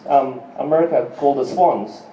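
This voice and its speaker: At normal speed and in a mid-range voice, an Australian stand-up comic who plays in a band works a small live music venue. The set is rambling and profane, dotted with ums and crowd asides, and the lo-fi recording sounds far off and echoey.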